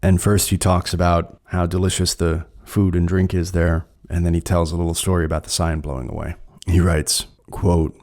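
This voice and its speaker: An American man with a low voice reads poetry aloud on his podcast. His tone is dark and mellow, and he takes the verses slowly and deliberately between casual explanations. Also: level tone. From United States. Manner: measured, slows down to recite verse. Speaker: podcast host. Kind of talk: reading poetry aloud and commenting.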